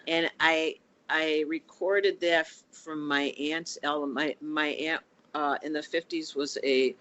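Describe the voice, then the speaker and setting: Man with a bright, tense voice. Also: fairly high pitch, fairly even intonation, highs cut off. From Chicago area, USA. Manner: adds details, quick chuckles. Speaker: band member guest. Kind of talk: casual chat.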